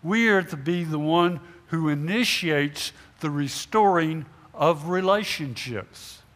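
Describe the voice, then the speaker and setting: Here a middle-aged man with a somewhat high, slightly bright voice gives a sermon inside a church sanctuary, where the sound rings with long hall reverb. As pastor, he asks the congregation questions and dramatizes imagined exchanges.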